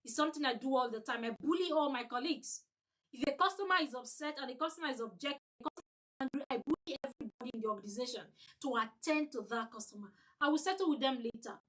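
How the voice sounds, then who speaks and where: A woman's voice: sits high, quick pace, a bit bright, rough recording. A woman leading an online customer-service training, emphatic, repeating her points and acting out sample lines.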